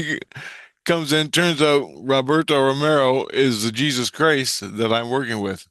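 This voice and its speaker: A man's voice: medium pitch, normal speed, a bit bright, dry recording. A man telling a personal story in a casual, rambling way, cursing and restarting his sentences. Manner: rambling, profane, frequent restarts.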